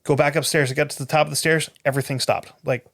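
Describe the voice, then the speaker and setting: A man's voice: a little high, little pitch movement, quick pace, creaky, a bit bright. A man in casual podcast chat, telling a story bluntly and swearing freely. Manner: blunt and profane.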